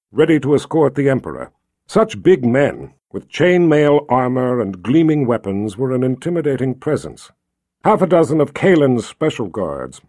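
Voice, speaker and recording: Expressive male audiobook narrator. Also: mid-range voice, no room sound, studio quality. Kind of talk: scripted narration.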